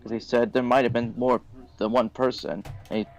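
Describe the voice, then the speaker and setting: Gravelly-voiced man rambling on a stream. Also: mid-range voice, steady tone, fairly quick, dull audio, soft background music. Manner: rambling, hesitant. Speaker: stream participant. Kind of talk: casual group chat on a live stream.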